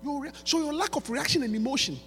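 Man preaching, high bright voice, lively storytelling, long hall reverb, mains hum. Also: quick pace. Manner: storytelling, animated, swings from quiet to shouting. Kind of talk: sermon.

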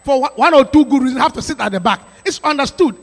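High-voiced emphatic man preaching. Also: lively intonation, fast talker. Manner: emphatic, repetitive preaching with rising shouts. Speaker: pastor. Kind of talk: sermon. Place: church sanctuary. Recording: reverberant church hall.

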